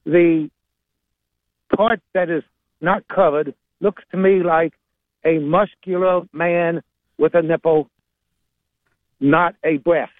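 A man with a Virginia Southern accent phoning into a talk show, blunt and opinionated. His voice sits slightly high. He comes through a thin, tinny phone line with a dry sound. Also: fairly even intonation, slow pace, pauses often, dry recording. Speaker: caller. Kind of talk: phone-in call.

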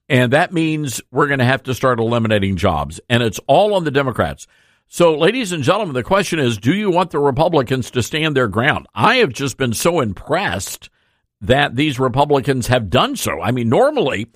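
A man's voice: fairly high pitch, a bit bright, no echo, studio quality. A man hosting a political commentary show, speaking in a folksy, opinionated, conversational way. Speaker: host.

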